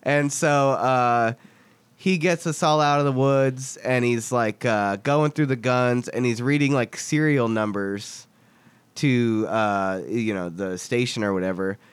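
A young man from Texas telling a story in casual chat, animated and swearing as he acts out the voices of the people in it. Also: medium pitch, measured pace, clear, resonant tone, dry recording.

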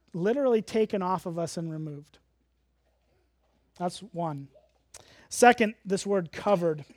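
An unhurried pastor delivers an earnest sermon, pressing each point with emphasis and unpacking the meaning of key words. The voice sits at a middle pitch and is recorded close and dry, with almost no room sound. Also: a little mellow, dry recording. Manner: earnest, emphatic teaching, explaining word meanings.

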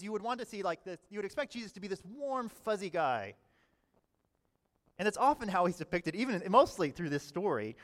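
A man preaching a sermon in a conversational way, often saying "all right" and swinging between quiet and loud passages. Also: high voice. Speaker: pastor.

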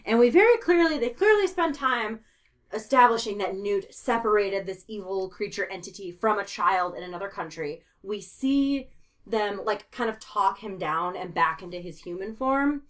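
A woman co-hosting a casual movie podcast, animated and laughing often as she mimics characters. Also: medium pitch, normal speed. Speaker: podcast co-host.

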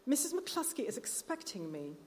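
A woman's voice: a little high, very animated, normal speed, warm tone, a little hiss or hum, pitched above the performer's own voice. A stiff, precise little boy speaks in a raised, lightly lifted voice, put on by a woman reading aloud. He talks coldly and formally, every word exact. The sound rings in a reverberant hall. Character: prim, cold ten-year-old foreign boy.

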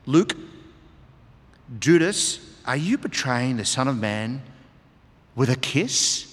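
A man's voice: mid-range voice, very animated, slow. A man preaching a sermon, reading scripture aloud and explaining it with emphatic repetition. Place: church hall. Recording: long hall reverb.

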